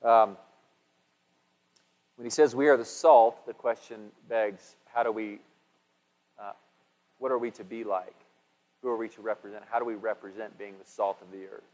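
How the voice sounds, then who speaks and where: A man's voice: lowish voice, steady tone, moderate pace, pauses often, darkish tone. A male pastor giving a conversational sermon, chatty and asking his congregation questions as he goes. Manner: chatty, asks the congregation questions, restarts often. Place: church sanctuary. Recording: echoey hall with long reverb.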